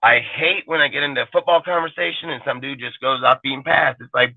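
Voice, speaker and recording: A man's voice: mid-range voice, brisk, few pauses, no echo. A man ranting on a live fan stream, blunt and full of swearing. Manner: profane, blunt and emphatic. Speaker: fan show panelist. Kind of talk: heated live-stream rant. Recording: phone-quality line, dry sound.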